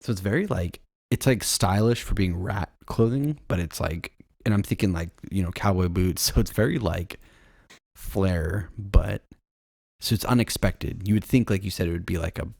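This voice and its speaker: A low-pitched man with a gravelly fry in his voice chats casually on a podcast, rambling through ideas with plenty of fillers and giggles. He sounds a little tired, and the recording is close and dry with no room sound. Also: normal speed, a little mellow, no room sound. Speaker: podcast co-host. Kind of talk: casual chat.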